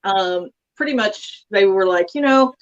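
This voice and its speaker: A woman's voice: medium pitch, lively intonation, a little slow, lo-fi sound. A woman from Texas, a guest author, chatting casually in an interview with many fillers and asides.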